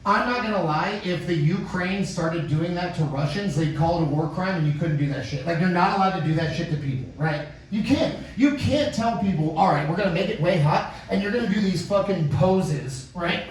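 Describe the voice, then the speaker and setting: A man working a stand-up set, rambling through a crude story and turning to the crowd now and then. His voice sits fairly high. The sound is caught from far back in an echoey club room with some low noise. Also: fairly quick, few pauses. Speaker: stand-up comedian. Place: comedy club.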